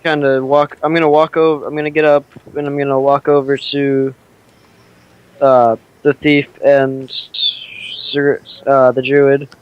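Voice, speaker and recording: A man's voice: medium pitch, level tone, unhurried, clear, resonant tone, muffled recording. A man playing a tabletop game as a player, declaring his actions hesitantly with frequent restarts. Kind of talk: in-character tabletop play.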